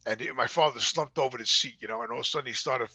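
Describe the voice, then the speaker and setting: A man's voice: medium pitch, very fast, sharp tone, husky, no room sound, rough recording. A man, telling a long personal story on a podcast and rambling with lots of "you know.". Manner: rambling, repeats words and says "you know" a lot. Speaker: podcast co-host. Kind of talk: casual storytelling chat.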